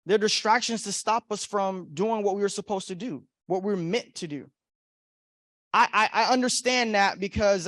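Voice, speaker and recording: A man giving a motivational keynote at a conference, telling a personal story with acted-out voices and big swings between loud and soft. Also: high-pitched, no room sound. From Florida. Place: conference hall.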